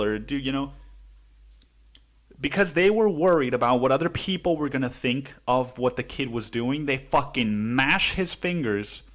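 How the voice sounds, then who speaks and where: Heated, profane man telling a story. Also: mid-range voice. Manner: profane, heated, says "dude" often. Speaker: podcast host. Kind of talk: casual storytelling monologue.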